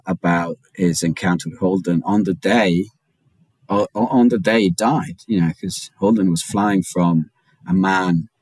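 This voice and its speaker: Low-voiced man telling a story quickly. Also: a little mellow, no room sound, rough recording. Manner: quick storytelling with restarts and stammers. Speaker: guest author and journalist. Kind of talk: casual interview chat.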